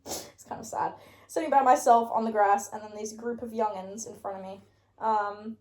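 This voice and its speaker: A woman's voice: fairly high pitch, normal speed, darkish tone, roomy sound. A young woman from England with a British accent, telling stories in a casual chat as host. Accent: British English. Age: young adult. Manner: chatty storytelling, laughs often. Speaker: podcast host.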